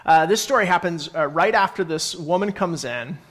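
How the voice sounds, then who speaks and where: A man's voice: on the high side, expressive, normal speed, a bit bright. A young adult man giving a conversational sermon as pastor, reading scripture and stopping to explain it. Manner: conversational, self-correcting, reads scripture aloud.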